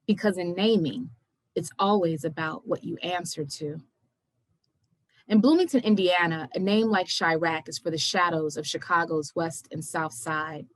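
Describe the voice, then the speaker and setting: A young woman poet reading her poems aloud at a virtual event, measured and emphatic, pressing hard on the questions. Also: low-pitched, dry recording. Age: young adult. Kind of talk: poetry reading. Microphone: video call.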